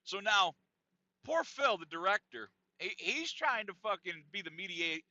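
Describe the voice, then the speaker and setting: A man's voice: high-pitched, a little slow, dry recording. A man hosting a podcast, telling a story casually with lots of profanity and laughter, on a dull, lo-fi, dry recording. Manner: animated, profane, laughing often. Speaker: podcast host.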